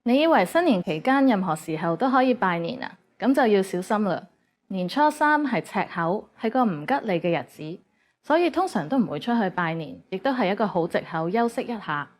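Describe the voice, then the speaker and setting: Woman for scripted lesson narration. Even and measured, voice in the middle range. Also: mid-range voice.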